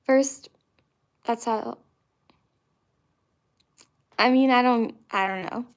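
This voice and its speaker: Here the young vlogger from Central Florida speaks very slowly, her pitch fairly high. She's chatting casually to camera for her viewers, rambling with plenty of fillers and restarts.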